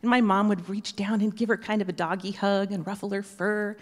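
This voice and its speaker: A woman telling a children's story at church, animated and asking the children questions as she goes. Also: mid-range voice, a little fast. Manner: animated, asks children questions, imitates dog whines. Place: church sanctuary. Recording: long church hall reverb.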